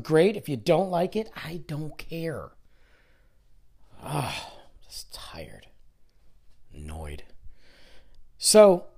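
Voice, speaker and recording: A man hosts his own podcast solo, rambling and grumbling in a self-deprecating way, his voice nasal and congested because he's sick. It sits high with a darkish tone.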